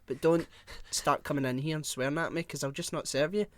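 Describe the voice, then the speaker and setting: A man's voice: a little high, a little fast. A young British man co-hosting a podcast, telling an anecdote in casual chat, acting out the quarrel and swearing freely. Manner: animated storyteller, acts out quarrels, swears freely. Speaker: podcast co-host.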